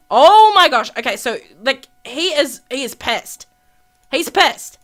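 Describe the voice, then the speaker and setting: Speaking very slowly in a high, fairly bright voice, a young woman narrates a life-sim game for her gaming video. Her excited let's-play commentary is dramatic, full of gasps and repetition, and she plays out the characters' arguments.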